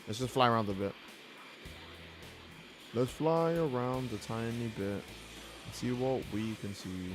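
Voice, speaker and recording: A man's voice: medium pitch, measured pace, long pauses, music in the background. Rambling, profane male gaming streamer. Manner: rambling and profane, acting out characters' lines. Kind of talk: casual gaming commentary.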